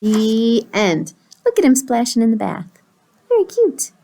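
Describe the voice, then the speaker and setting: A woman librarian reading picture books aloud to preschoolers, gentle and expressive. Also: fairly high pitch, a little slow, creaky. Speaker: children's librarian.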